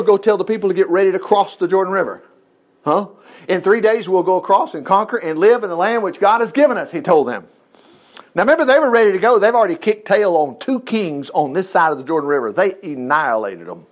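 A man preaching an informal sermon, retelling Bible stories in a chatty, animated way with joking asides. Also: sits high, quick pace.

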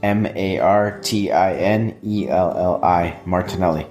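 A man's voice: sits low, unhurried, a little mellow, lo-fi sound, soft background music. A man chatting casually as a podcast guest, laid-back, repeating himself as he explains. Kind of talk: casual chat. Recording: roomy echo.

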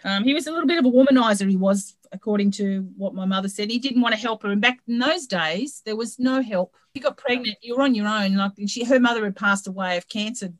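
A woman's voice: mid-range voice, quick pace, few pauses, no echo. A middle-aged woman, an author, telling her story in a casual video-call interview, chatty and rambling with many restarts. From Australia.

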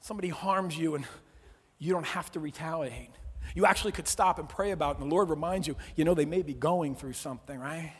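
A man preaching a sermon as pastor, animated, swinging from loud emphasis to soft, low words. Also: a little fast, husky. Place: church auditorium. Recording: long reverb of a large hall.

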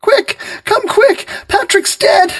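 A man doing a frantic, high-voiced housewife. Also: expressive, normal speed. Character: anxious middle-aged housewife feigning grief, woman.

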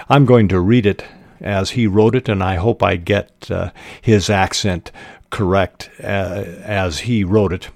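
A man hosting a podcast on fiction writing, reading passages aloud and explaining them in a measured way with frequent pauses and fillers. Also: sits low, dry recording.

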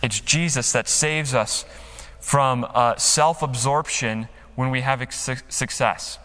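A man's voice: mid-range voice, takes it slowly, bright, forceful tone. A man preaching a sermon as pastor, emphatic, acting out quotes with dramatic rises and drops, speaking from a church stage. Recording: long hall reverb.

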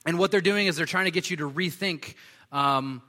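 Guy preaching in a church hall, loose and chatty, lots of ums, bright tone. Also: fairly high pitch, normal speed. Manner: conversational, with frequent fillers and restarts. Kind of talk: sermon.

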